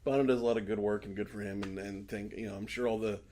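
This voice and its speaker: A man's voice: lowish voice, steady tone, quick pace, mellow, a little hiss or hum. A man co-hosting a podcast in casual chat, rambling, swearing and laughing often. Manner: rambling, swearing, laughs often, retells scenes in put-on voices. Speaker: podcast co-host.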